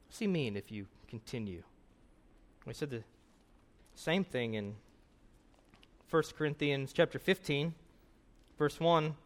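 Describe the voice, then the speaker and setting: A man's voice: fairly high pitch, expressive, measured pace, pauses often, a bit bright. A man preaching a sermon in an earnest, conversational way, often checking in with "right?" and reading scripture aloud with rising emphasis.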